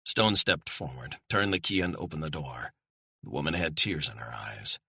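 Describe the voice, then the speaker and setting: Deep, husky male thriller narrator. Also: lively intonation, sharp tone, no echo, studio quality. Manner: measured, suspenseful reading. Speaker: audiobook narrator.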